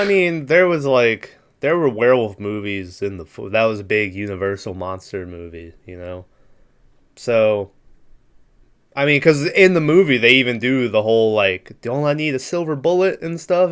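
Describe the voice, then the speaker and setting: A man's voice: lowish voice, expressive, normal speed, clean tone. A man co-hosting a casual movie podcast, recapping scenes in a laid-back, profane way and laughing often. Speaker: podcast co-host.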